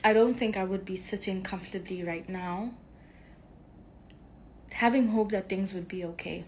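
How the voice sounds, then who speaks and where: A South African woman with a South African accent, giving an earnest, measured vlog update. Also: mid-range voice, a little hiss or hum, low-quality recording.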